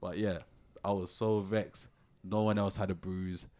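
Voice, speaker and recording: Young man, podcast storyteller, fairly low voice, dry close sound. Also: unhurried, dry recording. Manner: animated storyteller with slang, restarts and laughs. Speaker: podcast co-host. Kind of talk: casual storytelling chat.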